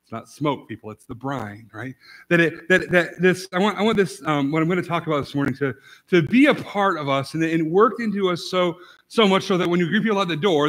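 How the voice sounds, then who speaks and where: A man preaching a casual, conversational sermon as pastor, rambling with many restarts and swinging from quiet asides to sudden loud emphasis. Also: on the high side. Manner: rambling, repeats words and restarts often, fillers like "like" and "right?".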